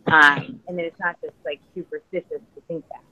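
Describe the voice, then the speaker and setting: A woman's voice: low-pitched, steady tone, a little fast. A woman guest author in a casual podcast interview, talking thoughtfully and searching for words with frequent restarts. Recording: dull lo-fi sound.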